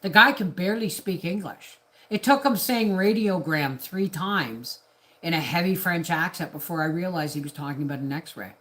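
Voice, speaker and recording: A woman's voice: on the low side, lively intonation, moderate pace, fairly bright tone. A middle-aged woman from Canada talking on a casual live stream, ranting in a rambling, indignant way with restarts. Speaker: homestead vlogger on a live stream.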